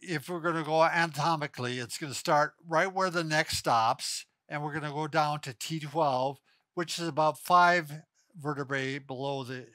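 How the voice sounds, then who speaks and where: Older man, bright, slightly slurred. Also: fairly high pitch, normal speed, dry recording. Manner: dry joking asides, slightly slurred words. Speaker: physical therapist co-host. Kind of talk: casual instructional chat.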